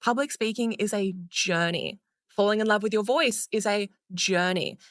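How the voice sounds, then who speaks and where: An Australian woman, a public speaking coach, giving energetic, playful advice in a podcast interview and casually swearing now and then. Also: mid-range voice, normal speed, no echo, clean studio sound.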